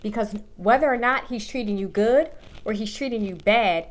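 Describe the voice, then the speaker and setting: A woman in her thirties giving casual dating advice straight to the viewer, blunt and full of swearing. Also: mid-range voice. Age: 30s.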